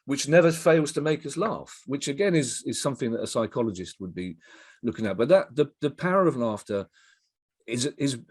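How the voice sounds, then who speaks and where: Husky man telling rambling stories. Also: medium pitch, animated, brisk, a little mellow, dry recording, studio quality. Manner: rambling anecdotal storyteller, self-interrupting. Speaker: guest, comedy writer. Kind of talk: casual interview chat.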